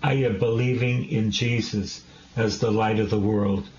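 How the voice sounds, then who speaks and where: A man's voice: on the low side, steady tone, unhurried, a little mellow. A man preaching a sermon, repeating phrases and asking rhetorical questions with passion. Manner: repetitive, impassioned exhortation with rhetorical questions. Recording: dull lo-fi recording.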